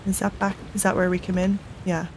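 A woman's voice: fairly low pitch, flat delivery, brisk, gravelly, a little mellow, poor audio. Upset woman gamer, faint hiss. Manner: upset, indignant, swearing. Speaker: let's play gamer. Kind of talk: casual gameplay commentary.

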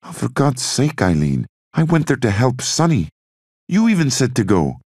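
A man's voice: medium pitch, huge pitch swings, normal speed, darkish tone, breathy edge, no room sound, clean studio sound, voice pushed up, exaggerated voice. A man voicing a desperate man who fears for his life, agitated and pleading. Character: anxious Irish-American man in trouble.

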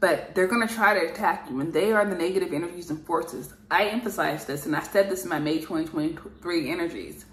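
A woman's voice: lowish voice, fairly quick, few pauses. Earnest woman channeling in a roomy echo. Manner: earnest, repetitive, emphatic; loose and rambling with fillers. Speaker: spiritual channeler. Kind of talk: channeled spiritual message monologue.

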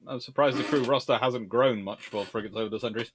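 A man hosting a live-stream history talk, reading out chat questions and answering with animated asides. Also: mid-range voice, slightly rough. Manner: animated, quick asides and laughs. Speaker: naval historian host.

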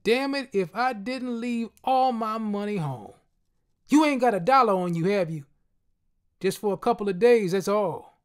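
A man's voice: sits high, moderate pace, clear, resonant tone, voice pushed up, close to an everyday voice. A man voicing a jittery streetwise young guy. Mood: wheedling. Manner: street-talking, wheedling.

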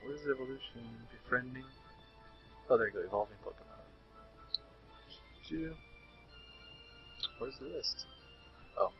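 A man's voice: mid-range voice, moderate pace, vocal fry, long pauses. A young man streaming a handheld game, chatting casually with a friend and reading menus aloud. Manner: chatty, reads menu text aloud, laughs often. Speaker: let's-play streamer. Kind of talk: casual gameplay commentary. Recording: lo-fi stream audio with faint game music.

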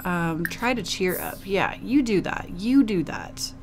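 Chatty woman with a lively, expressive voice. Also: mid-range voice, unhurried, a little hiss or hum. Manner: chatty, emotive, cooing at characters. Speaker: gaming video host. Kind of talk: casual let's play commentary.

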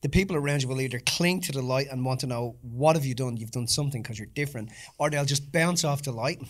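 A man's voice: mid-range voice, fast. A man hosting a podcast in casual chat, telling stories with frequent laughter and casual swearing. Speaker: podcast host.

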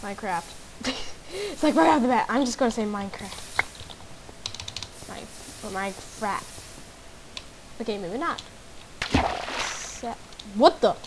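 A woman giving casual gameplay commentary, excitably guessing aloud and exclaiming at the game. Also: on the high side, a little slow, long pauses, noisy background. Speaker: gamer. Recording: background game music. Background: game music.

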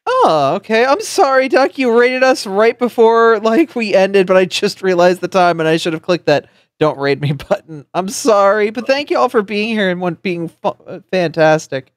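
A woman streamer hosting a relaxed live session and chatting loosely, often repeating herself as she goes. Her voice is recorded very dry, with no room sound at all. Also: mid-range voice, moderate pace, few pauses, no echo. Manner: friendly, rambling with fillers and repeated words. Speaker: streamer and host. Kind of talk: casual live-stream chat.

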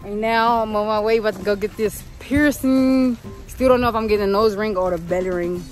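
A woman's voice: mid-range voice, a little fast, soft background music. A woman in a casual vlog, talking straight to her viewers while walking outside with a phone camera. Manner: chatty, addresses viewers directly. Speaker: vlogger. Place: outdoors walking on a windy street.

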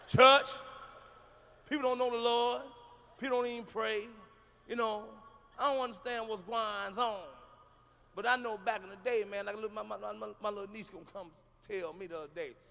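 High-voiced guy yelling profane stand-up jokes, sharp tone, big hall reverb. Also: steady tone, moderate pace, vocal fry, a little hiss or hum. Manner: loud, profane, shouting punchlines. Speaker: stand-up comedian. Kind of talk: stand-up comedy routine. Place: large concert hall with audience. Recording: live hall recording with reverb.

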